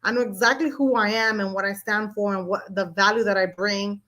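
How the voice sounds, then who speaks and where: A woman co-hosting a podcast, telling personal stories in a blunt, animated way with casual swearing. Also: mid-range voice, brisk. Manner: blunt, profane, animated storyteller. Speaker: podcast co-host. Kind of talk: candid casual chat.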